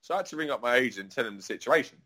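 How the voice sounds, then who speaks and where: A man's voice: mid-range voice, expressive, rapid-fire, bright, forceful tone. Swearing man telling a rambling story. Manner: profane, rambling, with many restarts. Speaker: adult performer. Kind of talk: casual storytelling rant.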